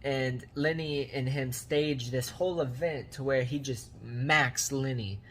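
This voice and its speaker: A man's voice: mid-range voice, measured pace, a little hiss or hum. A man giving a casual comedic recap of a movie, rambling in slang and repeating catchphrases. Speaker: movie reviewer.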